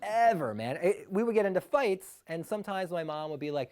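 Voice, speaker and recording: A man's voice: high voice, animated, a little fast, few pauses, a crowd in the background. A man from Illinois telling a funny personal story with wry, self-mocking asides. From Illinois, USA.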